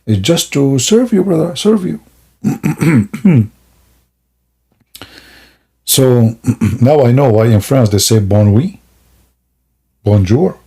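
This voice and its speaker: Gravelly, husky man mocking on a stream. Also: mid-range voice, expressive, slow, pauses often, mellow. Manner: sarcastic, rambling, laughs at own jokes. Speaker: livestream host. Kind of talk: mocking comedic commentary.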